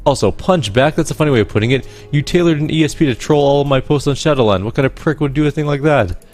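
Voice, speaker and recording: A man reading game dialogue aloud, voicing a hostile teenage girl hacker who talks quick and sharp-tongued. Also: on the high side, soft background music, voice pushed up, close to an everyday voice. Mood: indignant.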